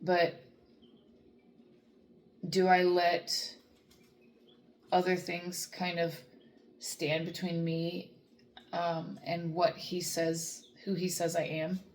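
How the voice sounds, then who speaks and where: A woman's voice: on the low side, little pitch movement, very slow, long pauses, slight background noise. A woman who works as a dog trainer, talking earnestly about faith and self-talk in a rambling way, with many fillers and restarts. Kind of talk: reflective faith talk to camera.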